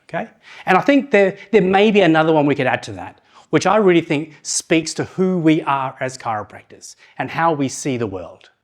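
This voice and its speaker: A middle-aged man giving a conference talk, asking the audience questions and slowing down to read proverbs aloud. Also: on the high side, expressive. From New Zealand. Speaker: conference speaker.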